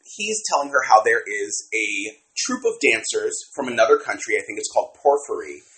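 A man co-hosting a casual podcast, critiquing a book in an animated way, swearing freely and acting out quotes. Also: fairly low pitch, normal speed, low-quality recording. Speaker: podcast co-host.

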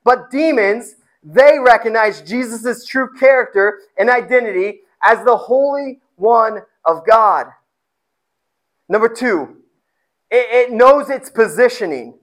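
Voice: medium pitch, expressive, slow pace, poor audio. Emphatic preacher asking rhetorical questions. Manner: repeats words and phrases for emphasis. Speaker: pastor. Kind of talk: sermon.

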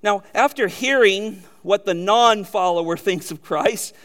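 High-pitched emphatic male preacher. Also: a little slow. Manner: emphatic preaching, rising to loud peaks; addresses listeners directly with rhetorical questions. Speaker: pastor. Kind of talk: sermon.

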